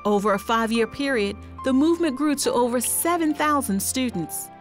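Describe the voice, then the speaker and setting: Higher-voiced woman narrating a documentary. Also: lively intonation, moderate pace, faint music behind.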